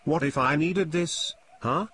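A man putting on a lower, needling voice as a sly stalker brother. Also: measured pace, fairly bright tone, slightly rough.

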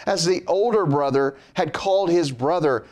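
A man preaching a sermon in a slow, measured way, his pitch dropping at the end of phrases. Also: a little mellow.

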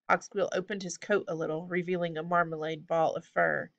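A woman reading a children's fantasy story aloud at a steady pace. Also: on the low side, brisk, highs cut off. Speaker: audiobook reader. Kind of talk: storybook narration.

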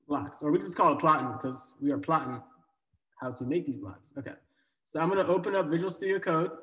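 A male coding bootcamp instructor with a fairly high voice leads a live online class in a loose, joking manner, full of fillers and restarts. His voice rings in an echoey room with a long reverb. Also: dull audio.

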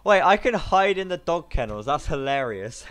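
A man chatting casually while co-playing a video game, excitable and quick to yelp and laugh. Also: a little high. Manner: excitable, yelps and laughs at mishaps. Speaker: gamer co-playing a prison game. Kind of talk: casual gaming chat.

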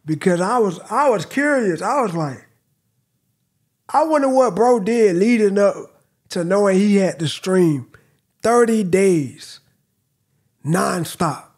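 A young man with a high voice talks in an unhurried drawl as he reacts to a video. His commentary is casual and amused, and his remarks stretch out slowly. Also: animated, breathy edge. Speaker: reaction channel host.

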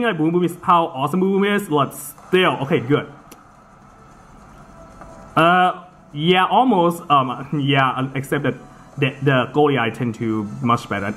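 A man giving casual let's-play commentary over a soccer video game, excitable and quick to swear and groan at the game. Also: a little high. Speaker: gameplay commentator.

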